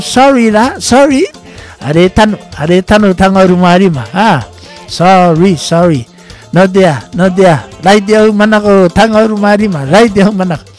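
Playful high-voiced man radio host. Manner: playful, teasing, code-switching. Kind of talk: casual radio talk with a listener quiz.

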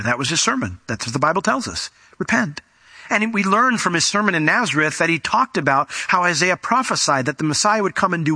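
A man's voice: a little high, sharp tone, no room sound. A man preaching a conversational Bible teaching, folksy in his delivery and fond of acting out the people in the story. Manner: folksy, acts out quoted voices.

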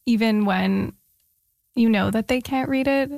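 A woman's voice: on the high side, unhurried, vocal fry, a little mellow, dry recording, clean studio sound. A woman hosting an interview, asking attentive, thoughtful questions. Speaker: interviewer host. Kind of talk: conversational interview.

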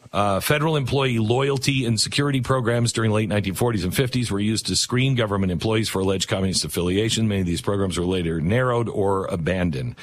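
Low-voiced male radio host. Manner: measured, thinking aloud with fillers. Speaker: radio talk show host. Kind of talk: talk radio monologue.

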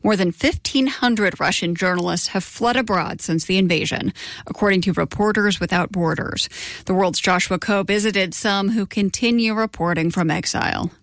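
A woman news anchor reading a scripted introduction with crisp delivery. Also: medium pitch, moderate pace.

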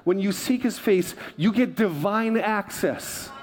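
A man's voice: high-pitched, measured pace, long reverb tail, a little hiss or hum. A middle-aged man preaching a sermon as pastor, chatty and humorous, throwing asides to his congregation.

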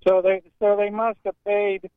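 A man hosts a call-in radio show and talks in a blunt, grumbling way. His voice sits fairly high. The sound is thin and phone-like with no room echo. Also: little pitch movement, moderate pace.

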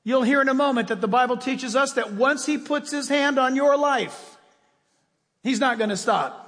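A man's voice: very high-pitched, moderate pace, a bit bright. A male preacher giving an emphatic, folksy sermon, asking his listeners questions, heard in the long reverb of a large hall.

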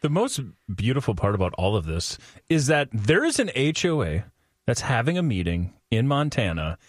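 A man's voice: mid-range voice, huge pitch swings, normal speed, dry recording, studio quality. A man co-hosting a radio show in casual chat, making wry, teasing remarks. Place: radio studio.

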